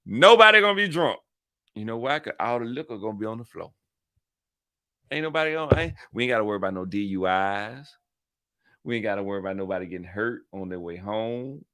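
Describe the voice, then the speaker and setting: Forceful, slangy man hyping a crowd. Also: fairly low pitch, fast talker, clear, resonant tone, no room sound, studio quality. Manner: slangy, repetitive, playful hype. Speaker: channel host. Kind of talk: casual rambling monologue.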